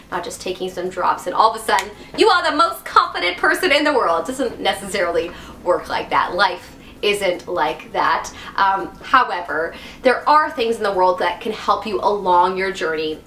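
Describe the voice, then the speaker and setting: A bubbly young woman talks casually to her viewers, quick to giggle. Her voice is bright and forward. The sound carries a noticeable room echo. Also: lowish voice, slight background noise. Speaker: YouTube wellness host. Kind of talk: casual talk to camera. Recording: echoey room.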